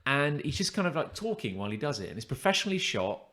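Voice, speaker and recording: A man co-hosting a podcast, telling stories in a rambling, animated way with lots of fillers. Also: medium pitch, quick pace. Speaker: podcast co-host. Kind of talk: casual chat.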